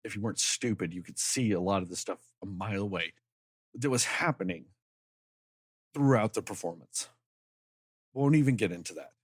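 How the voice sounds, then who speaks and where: A man's voice: fairly low pitch, moderate pace, long pauses, breathy edge, no room sound, studio quality. A man co-hosting a podcast, ranting in a heated, emphatic way and swearing freely. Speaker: podcast co-host. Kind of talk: casual podcast chat.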